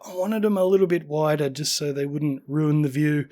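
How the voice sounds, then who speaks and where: A tired, slightly hoarse man chats through a quick tour of his builds. His voice sits a touch higher than most men's, and he stays upbeat and self-deprecating despite fading at the end of a long day. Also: dark tone. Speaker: game building channel host. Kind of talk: casual gameplay tour commentary.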